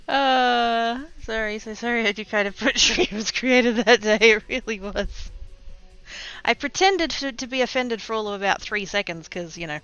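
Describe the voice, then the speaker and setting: A woman's voice: fairly high pitch, unhurried, long pauses, fairly bright tone, clean tone, no room sound, dull audio, faint music behind. An Australian woman chatting casually with viewers on a craft livestream, bubbly and giggly, through a headset mic at home.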